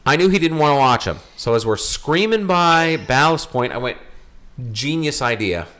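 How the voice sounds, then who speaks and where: A man's voice: fairly high pitch, moderate pace. A man co-hosting a casual podcast, telling a trip story and acting out what people said. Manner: animated storyteller who acts out quotes. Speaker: podcast co-host.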